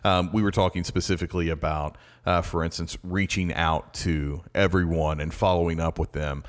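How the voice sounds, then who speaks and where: A man with a very low voice co-hosting a casual podcast. He talks in an easygoing, rambling way, full of ums and restarts. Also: fairly even intonation, normal speed. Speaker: podcast co-host. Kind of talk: casual chat.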